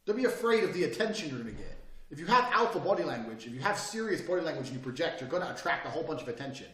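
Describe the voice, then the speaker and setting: A man's voice: a little high, very animated, racing, crowd noise. Blunt, profane man in an echoey room. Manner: profane, forceful and emphatic. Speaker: self-improvement speaker. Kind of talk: blunt motivational lecture. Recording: echoey room, mic at a distance.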